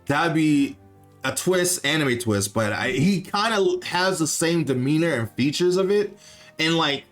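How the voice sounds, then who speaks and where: Animated guy reacting to a game, laughs a lot, bit high voice, faint game music underneath. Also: unhurried. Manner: excitable, laughs often, reacts to cutscenes. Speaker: gaming YouTuber. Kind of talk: let's play commentary.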